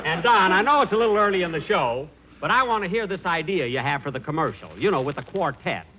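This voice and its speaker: A man's voice: on the high side, lively intonation, fast talker, low-quality recording. A man hosting an old-time radio comedy, coaxing and wheedling with comic exasperation. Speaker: comedian host. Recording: hissy old radio broadcast with loud studio audience. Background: studio audience laughter.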